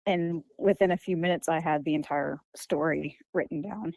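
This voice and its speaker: A woman's voice: low-pitched, normal speed, gravelly, a little mellow, no echo, low-quality recording. A young woman, a children's author, answering interview questions in a casual, hesitant way with many fillers and restarts. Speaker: guest author.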